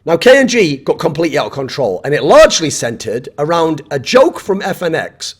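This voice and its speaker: A man's voice: fairly high pitch, big pitch swings, fairly quick, hardly any pauses, husky. A man delivering a blunt, profane opinion rant as an esports commentator.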